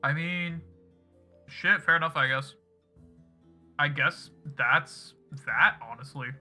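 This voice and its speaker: A man is signing off from his gaming stream, chatting casually, wandering from topic to topic and swearing without restraint while music plays. He talks slowly in a higher, pushed, bright voice.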